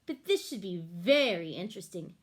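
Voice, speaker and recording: A woman voicing a lazy female cat in a dry, unhurried way. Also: fairly low pitch, very animated, voice pushed down.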